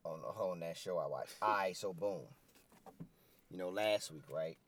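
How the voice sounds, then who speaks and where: A low-voiced man talking in a relaxed podcast style. His speech is loose and profane, and he slips into voices to act out the quotes as he recaps. It sounds like casual chat between friends. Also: unhurried, a little hiss or hum. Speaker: co-host recapping wrestling.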